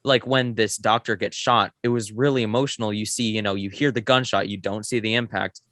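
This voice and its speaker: A young man co-hosting a podcast, chatting excitedly about a film in a rambling way with lots of fillers. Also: fairly low pitch, fairly quick, dry recording, clean studio sound. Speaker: podcast co-host. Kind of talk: casual film review chat.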